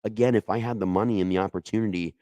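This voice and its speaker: A middle-aged man with a deep, low voice tells a true ghost story from his own life. He speaks casually but with feeling, often backing up and restarting his sentences. The recording is dry and close, with no room echo. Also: fairly even intonation, racing, dark tone. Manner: conversational, emotional, with many restarts and asides.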